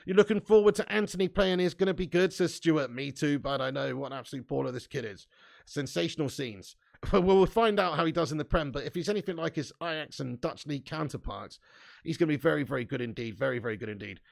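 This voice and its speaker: A man's voice: fairly high pitch, fast talker, vocal fry. A young man hosting a casual live stream, reading out viewer comments in a chatty, laddish way with frequent laughs and swearing. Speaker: fan channel host reading live chat.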